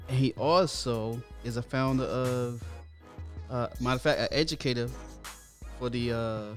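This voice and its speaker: A man's voice: mid-range voice, steady tone, moderate pace, faint music behind. A man co-hosting a podcast, talking in a laid-back, slangy way. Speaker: podcast co-host. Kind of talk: casual podcast chat.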